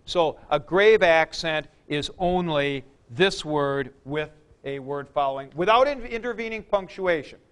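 A man's voice: a little high, measured pace, few pauses, fairly bright tone, smooth. A man teaching ancient Greek accents in a classroom lecture, explaining step by step with spoken examples.

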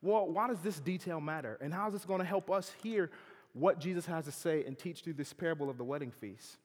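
A man preaching a sermon in a campus chapel, swinging from loud emphatic quotes to soft asides. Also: on the high side, brisk. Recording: long hall reverb.

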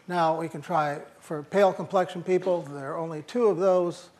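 A man's voice: a little high, fairly even intonation, normal speed, hardly any pauses, darkish tone. An older man giving a university lecture, thinking aloud with fillers and restarts and slipping in dry jokes.

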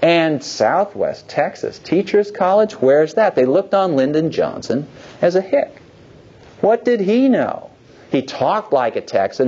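A man giving a public history lecture, lively and digressive, with wry asides. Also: fairly high pitch, unhurried, lo-fi sound, slight background noise. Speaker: guest lecturer.

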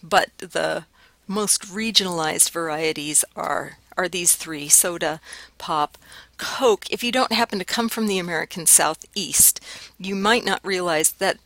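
Slow-spoken woman lecturing on dialects. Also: lowish voice, a bit bright, dry recording, poor audio. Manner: explanatory, demonstrates vowel pronunciations aloud. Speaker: linguistics lecturer. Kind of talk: recorded class lecture.

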